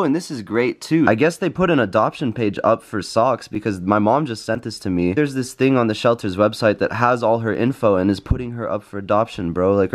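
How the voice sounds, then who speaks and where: A young man talking casually to camera as a vlogger, slangy and annoyed, swearing often. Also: deep voice. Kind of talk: casual vlog talk to camera.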